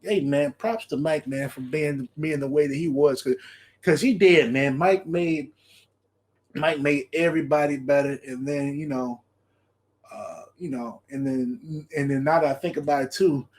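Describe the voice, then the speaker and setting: High-pitched guy hosting a podcast, animated casual chat, laughs a lot. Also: measured pace. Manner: animated, laughs often, repeats phrases. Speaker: podcast host. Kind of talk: casual solo commentary.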